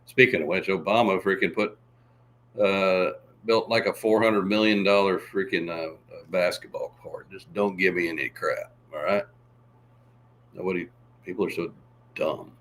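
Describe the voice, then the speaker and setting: A man hosts a casual livestream in a low voice at a moderate pace, with a fairly bright tone and a little hiss or hum in the audio. He rambles, reads viewer chat aloud, and tries out impressions.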